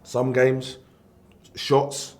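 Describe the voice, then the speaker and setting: A man's voice: medium pitch, completely flat delivery, very slow. A man co-hosting a casual football chat, thinking aloud in an easygoing way. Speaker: podcast co-host. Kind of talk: casual banter among friends.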